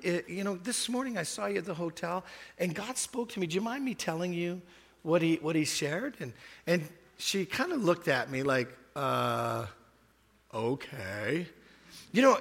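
A man's voice: a little high, a bit bright, big-room sound. A man preaching a sermon to a congregation, telling a story and then urging the listeners on with rising emphasis. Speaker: pastor. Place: church hall.

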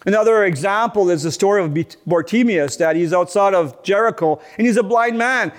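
A man's voice: sits high, brisk. A middle-aged male pastor preaching an earnest sermon, often repeating and restarting his words.

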